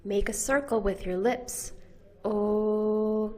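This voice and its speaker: Slow, deliberate American woman teaching vowels. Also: medium pitch, fairly even intonation. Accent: General American. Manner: drawn-out vowel demonstrations with repeated model words. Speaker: pronunciation teacher. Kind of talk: slow, careful pronunciation lesson.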